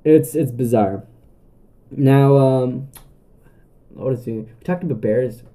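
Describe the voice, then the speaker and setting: A man's voice: medium pitch, takes it slowly, warm tone. A young man hosting a podcast, telling camping stories in a loose, rambling way full of filler words and restarts. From Canada. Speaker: podcast host. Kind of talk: casual storytelling monologue.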